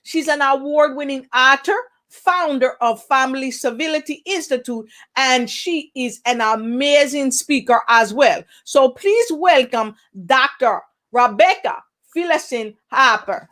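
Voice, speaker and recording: A woman hosts an online talk show and introduces guests in a lively, playful way, often with little rhymes. Her voice sits on the higher side. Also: a little slow, few pauses.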